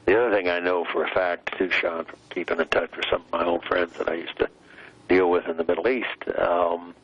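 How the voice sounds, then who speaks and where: An older man, a former vice president, giving measured commentary as an interview guest, pausing often with "uh" as he weighs his words. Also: low voice, little pitch movement, fairly bright tone, breathy edge, dry recording, muffled recording. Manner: measured, deliberate, many hesitant "uh" pauses.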